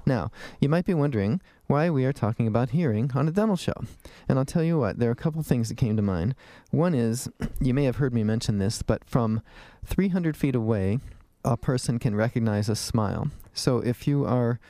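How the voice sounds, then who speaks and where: A man's voice: mid-range voice, animated, a little fast, few pauses, mellow, dry recording. A man hosting a radio talk show as a dentist, chatting in a rambling way with fillers and restarts from a studio.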